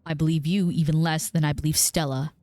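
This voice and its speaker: A woman's voice: deep voice, fairly even intonation, a little fast, mellow, no room sound, close to an everyday voice. A woman reading the lines of a curt, dismissive young woman cousin from a story game, clipped and skeptical. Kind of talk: reading game dialogue aloud.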